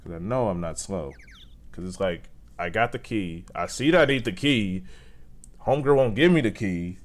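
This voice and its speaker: A man's voice: on the low side, lively intonation, moderate pace. A man streaming a video game, thinking aloud and reacting with frequent swearing and exclamations. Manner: profane, exclaiming, talks to himself. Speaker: gaming streamer. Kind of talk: casual let's-play commentary.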